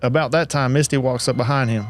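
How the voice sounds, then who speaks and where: A man narrating a horror story in a plain, steady reading voice. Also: mid-range voice, fast talker, faint music behind.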